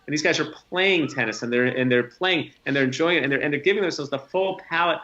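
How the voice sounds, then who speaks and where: Bright-voiced man musing on practice. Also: on the high side, quick pace, muffled recording. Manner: reflective, thinks aloud with restarts. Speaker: guest. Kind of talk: casual podcast conversation.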